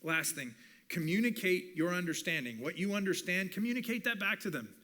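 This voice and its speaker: A man who is a communications professor, giving an animated teaching talk at a church and acting out bits of dialogue. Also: high voice, fairly quick. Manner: animated, acts out quoted dialogue.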